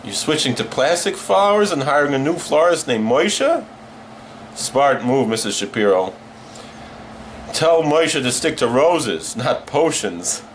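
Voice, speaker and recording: A man playing a late-night horror movie host, hamming it up with jokes and Yiddish words. He takes his time, drawing out his lines, and the pitch sits right in the middle. A faint hum of noise lies under him. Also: expressive, measured pace. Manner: jokey, hammy, sprinkled with Yiddish words. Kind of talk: comic horror-host patter.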